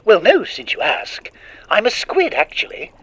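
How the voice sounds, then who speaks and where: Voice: mid-range voice, big pitch swings, a little slow, fairly bright tone, breathy edge, voice pushed up, heavily acted, rough recording. A storyteller voicing a polite, hesitant squid official with a thin, reedy voice.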